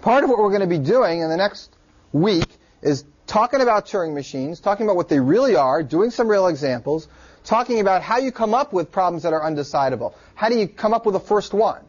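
A man teaching a computer science class in a relaxed, joking way. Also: high voice, fairly quick. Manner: relaxed and joking, with filler words. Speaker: lecturer. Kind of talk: classroom lecture. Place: lecture room. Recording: dull lo-fi classroom recording.

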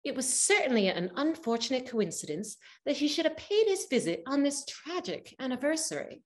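A woman's voice: sits high, very animated, normal speed. A woman narrating a spooky story in a stage reading, with dramatic storytelling.

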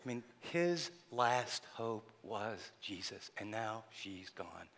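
A man preaching a sermon, telling the story dramatically and swinging between loud passages and hushed ones. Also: lowish voice, animated, slow pace, long reverb tail. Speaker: pastor.

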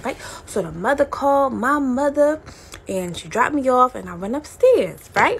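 A woman vlogger telling a childhood story in a casual, animated way, talking straight to her viewers. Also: high-pitched, moderate pace, creaky, slight background noise. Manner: animated, chatty, addresses viewers directly.

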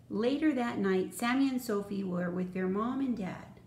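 A woman reading a children's story aloud in a slow, expressive, clear way. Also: medium pitch, recorded from a distance. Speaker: storybook reader. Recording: roomy echo, faint noise.

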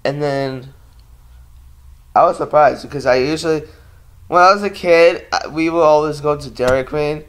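A man's voice: on the high side, moderate pace, long pauses, a bit bright, clear, resonant tone. A man chatting casually to his viewers in a home vlog, rambling and sleepy, with lots of ums and restarts. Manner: sleepy, yawning. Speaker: vlogger.

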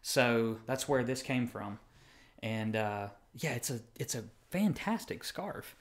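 A man's voice: mid-range voice, slow pace. A man in easy conversation on a podcast, his voice sitting in an ordinary middle register. He rambles through stories with plenty of fillers and picks up energy as he goes. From South Carolina, US. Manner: chatty, filler-heavy, animated when telling stories. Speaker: podcast co-host. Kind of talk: casual chat.

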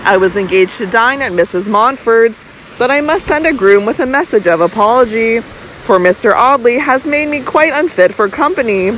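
A woman's voice: fairly high pitch, animated, moderate pace, a little hiss or hum, rough recording. A woman doing a sweet, fragile Lady Audley. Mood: coaxing. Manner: soft, injured, coaxing pleas. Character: young wife, sweet, fragile, secretly scheming.

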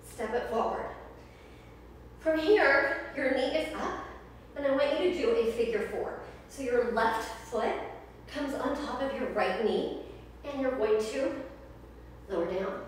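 A woman leading a yoga workout from her living room, upbeat and chatty as she counts and cues poses, a little out of breath. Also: high voice. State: slightly out of breath. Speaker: yoga instructor. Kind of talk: guided home workout livestream. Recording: very echoey room, distant mic, faint hiss.

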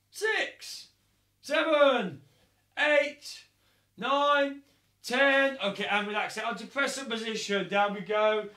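A man teaching a live online taekwondo class for young children, upbeat and encouraging, loudly calling out counts. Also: sits high. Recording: echoey room.

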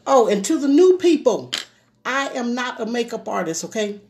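Woman, chatty live makeup stream, folksy, talks to viewers by name, slightly high voice. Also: very animated, moderate pace, darkish tone. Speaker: beauty livestreamer.

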